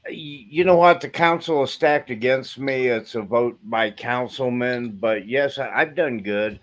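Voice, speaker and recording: A man's voice: mid-range voice, measured pace. A man who serves on a city council, telling his experiences in a wry, matter-of-fact way during a casual panel discussion.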